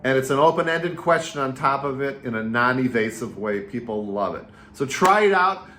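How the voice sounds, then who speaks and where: A man in his fifties coaches real estate agents in a casual, energetic way, leaning on repetition and anecdotes. His voice sits at an ordinary middle pitch. The room around him gives it a noticeable echo. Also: slight background noise. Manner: energetic, chatty storyteller with repetitive phrasing. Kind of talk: casual coaching talk to camera. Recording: roomy echo.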